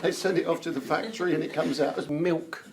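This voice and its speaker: A man who is a politician telling a measured anecdote on a talk show. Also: a little high. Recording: noisy played-back clip.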